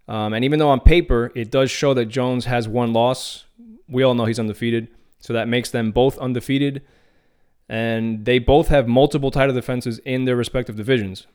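Smooth-voiced man giving casual MMA talk. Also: medium pitch, darkish tone. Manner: casual, opinionated, some restarts. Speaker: podcast host. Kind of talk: solo MMA news commentary.

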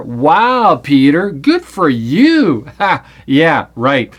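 Guy teaching from the bible, high-ish voice, jokey and animated, acts out the verses. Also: slow, few pauses. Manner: playful, acts out scripture with put-on voices.

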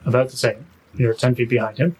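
A man acting as game master, narrating a tabletop game in a relaxed, matter-of-fact way. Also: medium pitch, fairly quick, slightly rough, low-quality recording.

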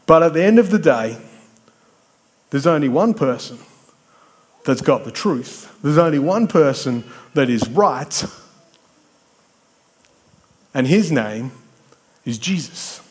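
A man's voice: a little high, expressive, unhurried, long pauses, darkish tone. A man preaching a sermon, conversational and emphatic, building points through repetition and bantering with people in the congregation.

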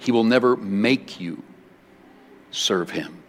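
A man preaching a sermon as pastor in a large church building, switching between loud bursts and hushed words. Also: fairly low pitch, slow, faint music behind. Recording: long hall reverb.

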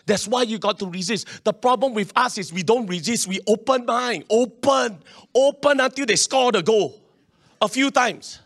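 High-voiced pastor preaching. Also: male voice, moderate pace, vocal fry. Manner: animated, acts out quoted voices, swings between loud and quiet. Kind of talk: sermon.

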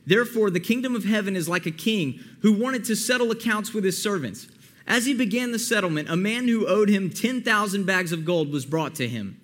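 A young man preaching a sermon, praying earnestly and then retelling a parable in a lively way. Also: high-pitched, brisk. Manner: earnest, pleading prayer, then animated retelling. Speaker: pastor. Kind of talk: sermon with prayer and scripture reading.

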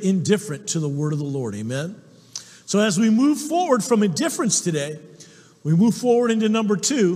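High-voiced man preaching in a reverberant hall. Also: darkish tone. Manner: emphatic preaching, repeated call-and-response "Amen?". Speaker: pastor. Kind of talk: sermon. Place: church sanctuary.

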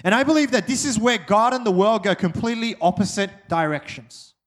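A man delivers a sermon in a relaxed, conversational way. His voice sits a little high, and he slips light jokes in among his repeated phrases. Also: a little fast. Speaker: pastor.

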